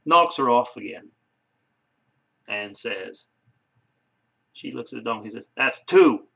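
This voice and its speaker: Casual male vlogger, gravelly tone, rambling delivery with fillers. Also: lowish voice, a little slow, sharp tone. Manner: rambling, joke-telling, many fillers and restarts. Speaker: video blogger. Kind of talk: casual vlog chat.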